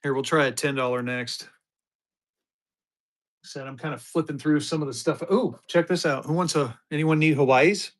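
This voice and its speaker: An upbeat, chatty man whose voice is slightly high hosts a live-stream auction at a normal pace. He talks bidders up and keeps things moving, apparently from a home streaming setup.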